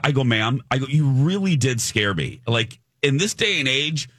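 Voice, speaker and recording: Speaking at normal speed in a mid-range voice, this podcast co-host spins a story in casual chat, lively and performing the quoted voices of the people involved. The sound is clean studio quality with no room echo.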